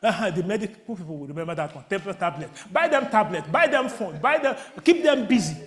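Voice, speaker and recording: A man preaching a sermon in a church, asking the congregation call-and-response questions and rising to near shouts. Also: sits high, expressive, fast. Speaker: pastor. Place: church sanctuary.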